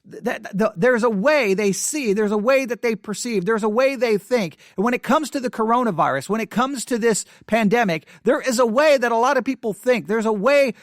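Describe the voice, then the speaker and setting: A very high-pitched man speaks at normal speed with hardly any pauses on a dry recording. He hosts a live-streamed religious broadcast, reading scripture into a studio microphone and commenting in an agitated, emphatic, repetitive preacherly way.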